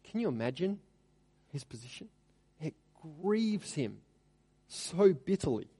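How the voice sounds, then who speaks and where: A man delivering an expository sermon in a fairly high, mellow voice. He reads the scripture passages with rising emphasis, then drops to a quiet, confiding tone for his asides, and his words trail into a long hall reverb. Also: very animated, measured pace, breathy edge. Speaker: preacher.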